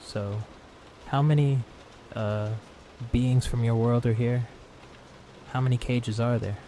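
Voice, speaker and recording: A man's voice: mid-range voice, fairly even intonation, takes it slowly, mellow, a little hiss or hum, lightly acted. A man voicing a cautious, blunt mother in a narrated horror story. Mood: wary. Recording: clear rain sounds behind voice.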